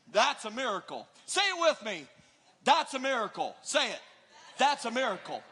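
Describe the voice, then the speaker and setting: A male preacher giving an energetic, joking sermon to a live audience, often questioning them. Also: high voice, fairly quick, husky. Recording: long hall reverb.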